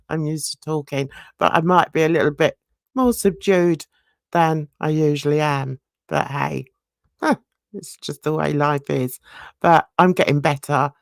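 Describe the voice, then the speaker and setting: A woman's voice: sits low, dry recording, studio quality. A middle-aged woman, hosting a casual livestream and telling a rambling story with frequent laughter. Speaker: YouTube channel host.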